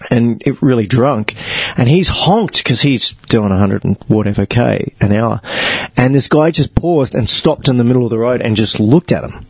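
A man's voice: medium pitch, lively intonation, normal speed, hardly any pauses, darkish tone, breathy edge, dry recording. A young man born in Africa, an actor telling long, joking stories in a casual chat lots of fillers. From South Africa. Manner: rambling storyteller, joking, many fillers. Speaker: actor and podcast guest.

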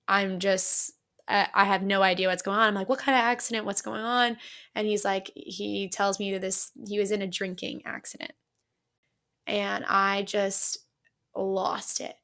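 Husky-edged woman telling her story. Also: mid-range voice, fairly bright tone. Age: young adult. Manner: earnest, halting, many fillers and restarts. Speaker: podcast guest. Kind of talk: personal testimony.

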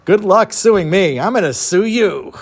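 A man's voice: high voice, animated, a little slow, creaky, husky, heavily acted. A man voicing a mean, cheeky little boy who taunts a stranger. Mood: taunting.

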